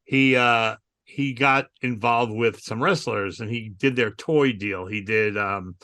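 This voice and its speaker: A man's voice: medium pitch, takes it slowly, no room sound, studio quality. A man telling funny stories on a casual podcast, acting out the voices of the people in them. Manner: animated storyteller who acts out voices. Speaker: comedian co-host telling stories.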